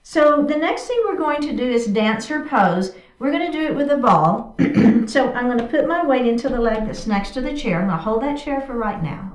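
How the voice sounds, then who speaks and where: A woman's voice: fairly high pitch, a little mellow. A woman chair yoga instructor, cueing each movement step by step in an encouraging way during a guided class. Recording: echoey room from a distance.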